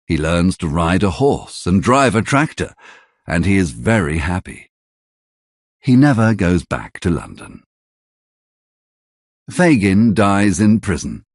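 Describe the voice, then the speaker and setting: A man narrating a graded reader story slowly and clearly for language learners. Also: sits low, very animated, no echo.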